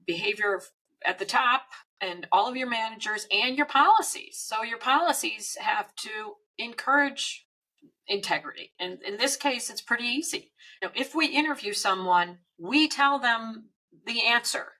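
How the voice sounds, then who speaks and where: A woman's voice: fairly high pitch, lively intonation, normal speed, sharp tone, poor audio. A woman co-hosting a business podcast, telling workplace stories in a chatty way with frequent fillers. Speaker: podcast co-host.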